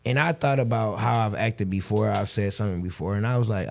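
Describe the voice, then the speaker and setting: Animated storytelling man in his thirties. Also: lowish voice, fast, gravelly. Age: 30s. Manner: animated storytelling, acts out quoted voices. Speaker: podcast host. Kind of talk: casual conversational interview.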